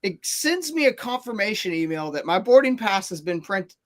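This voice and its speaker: Rambling, animated podcast storyteller, a man. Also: high-pitched, normal speed. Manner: animated, rambling, lots of fillers and restarts. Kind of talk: casual podcast chat, storytelling.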